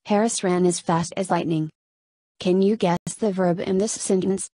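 A woman teacher narrating a scripted lesson, reading slowly and carefully and addressing her students. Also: on the low side, fairly even intonation, warm tone, no room sound.

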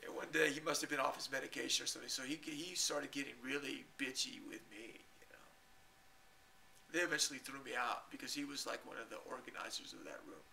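Rambling man with a gravelly voice. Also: mid-range voice, bright, forceful tone, slight background noise. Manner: halting, repeats words, chuckles often. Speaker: video blogger. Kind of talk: rambling storytelling monologue.

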